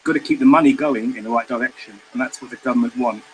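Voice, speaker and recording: A Welsh-accented man joins a live stream over a call microphone and talks in a halting way, often repeating words as he gathers his thoughts. His pitch sits in the ordinary middle range for a man. A faint hiss of noise sits underneath his voice. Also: poor audio. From Britain. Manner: halting, repeats words while searching for phrasing. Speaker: caller guest. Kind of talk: casual chat on a live stream. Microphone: remote call microphone.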